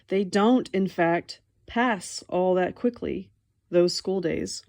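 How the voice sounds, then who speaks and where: A young woman reads a nonfiction book aloud, her voice sitting a little low. The recording is dry and close, with no room sound. She reads expressively and drops in wry, casual asides of her own. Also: slow pace, vocal fry, dry recording. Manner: expressive, wry, breaks off to comment and laugh. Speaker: audiobook reader.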